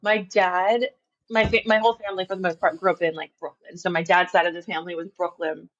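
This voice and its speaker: A woman from Long Island talks with a faint New York accent. She chats as a podcast guest, laughing easily and filling her sentences with "like". Her voice sits low, and the recording sounds dull and lo-fi. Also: level tone, fast talker. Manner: chatty, laughs often, lots of "like". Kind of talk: casual interview chat.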